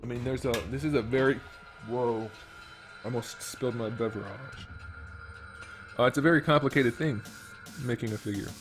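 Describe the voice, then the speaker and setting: A man of average pitch hosting a loose tutorial stream. He rambles and thinks out loud as he works through each step. Faint music sits quietly behind his voice. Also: normal speed, pauses often. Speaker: YouTube host and 3D modeler. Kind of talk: casual live-streamed modeling tutorial.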